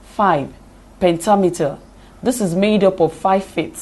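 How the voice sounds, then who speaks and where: Woman slowly reading out a lecture. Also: mid-range voice, darkish tone. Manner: reads notes aloud deliberately, spelling out examples. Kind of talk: slow read-aloud lecture on poetry.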